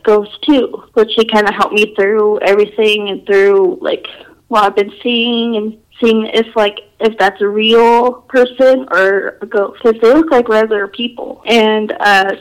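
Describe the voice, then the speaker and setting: A woman's voice: medium pitch, rough recording. A woman telling her own ghost experiences in casual, rambling talk, full of "like" and restarts. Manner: rambling, filler-heavy, says "like" often. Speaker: storyteller. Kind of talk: casual personal storytelling.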